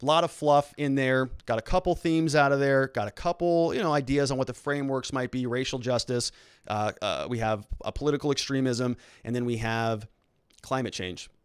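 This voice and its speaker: A man's voice: mid-range voice, normal speed, smooth, no room sound, studio quality. A man hosting a legal and political commentary show, talking casually with a sarcastic edge. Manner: sarcastic, mocking quoted reactions in put-on voices.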